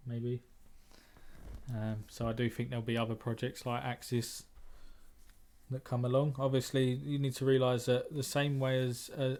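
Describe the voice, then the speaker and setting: A man's voice: medium pitch, darkish tone. A man, a trader and moderator, talking bluntly in a casual group discussion, often repeating words as he thinks.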